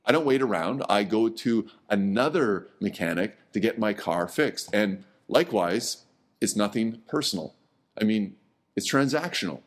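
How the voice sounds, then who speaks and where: A middle-aged man gives a sermon in a low voice. He talks like he is chatting with the congregation, repeats himself now and then, and lets his voice sink quiet on the words he wants to stress. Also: lively intonation, normal speed. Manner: conversational, repeats words, drops low and soft on key words. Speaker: pastor.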